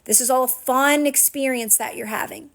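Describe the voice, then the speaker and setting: A woman coaches viewers about manifestation on a live stream, replying to their comments with earnest encouragement and regular "right?" and "guess what?" check-ins. Her voice sits high and a bit bright, with fairly even intonation and a moderate pace.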